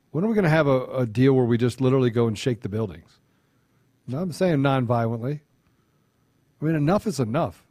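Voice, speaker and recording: A fervent male talk-show co-host with a high, very lively voice that swings up and down. He hammers his points by repeating them. The sound is close and dry. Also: breathy edge, no room sound. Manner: fervent, repetitive, builds to angry emphasis.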